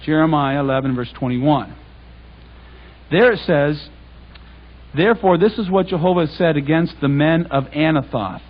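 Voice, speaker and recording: A man giving a public Bible talk, reading scripture and then paraphrasing it in lively everyday speech. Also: a little high, normal speed, pauses often, lo-fi sound. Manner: conversational, animated, reads scripture aloud and paraphrases it in casual speech. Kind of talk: sermon. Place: congregation hall.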